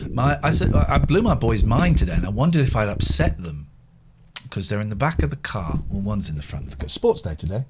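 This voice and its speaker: A man's voice: on the low side, big pitch swings, brisk, noisy background. A middle-aged man hosting a live phone-in show, telling rambling anecdotes in a chatty way. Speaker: radio phone-in host. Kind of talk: casual live chat.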